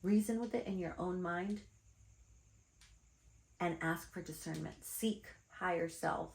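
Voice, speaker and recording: Calling her viewers "darlings," this spiritual teacher chats bluntly through a card reading, taking her time. She speaks in a low register with gravel in it, and her room has a noticeable echo.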